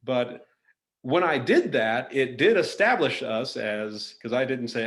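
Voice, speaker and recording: A man's voice: medium pitch, expressive, unhurried, fairly bright tone. Rambling, easygoing male podcast host. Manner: loose and rambling, with many restarts. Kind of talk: casual conversational chat.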